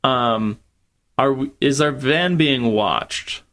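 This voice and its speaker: A man's voice: medium pitch, slow, fairly bright tone. A man playing a tabletop game, curious and full of questions. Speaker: player. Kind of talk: tabletop role-play.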